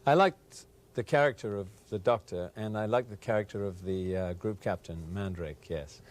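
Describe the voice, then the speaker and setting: A man's voice: on the low side, normal speed. A man being interviewed as a guest on a TV show, speaking mildly and hesitantly with many ums. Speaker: actor, guest. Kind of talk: casual interview chat. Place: TV studio.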